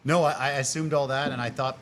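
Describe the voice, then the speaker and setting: A man from Mexico hosting a casual interview, eager and quick to cheer his guest on. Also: medium pitch, steady tone, a bit bright, a little hiss or hum. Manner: eager, encouraging listener with quick affirmations. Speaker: interview host.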